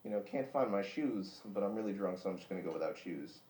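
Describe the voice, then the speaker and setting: A man's voice: fairly low pitch, expressive, fast, a little mellow. Laid-back young man rambling a story. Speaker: podcast host. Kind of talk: casual storytelling chat. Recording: roomy, distant mic with faint noise.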